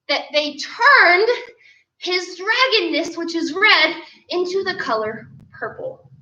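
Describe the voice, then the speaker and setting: Bright, high-voiced woman coaching kids. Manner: upbeat, encouraging, calls out drills. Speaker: martial arts instructor. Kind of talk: online kids' class, coaching. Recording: roomy, slightly dull sound.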